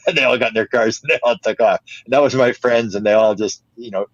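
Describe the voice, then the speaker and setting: An older man, an interview guest, telling a story in casual style, lively, repeating words and laughing often. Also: mid-range voice, a little fast, no echo, highs cut off.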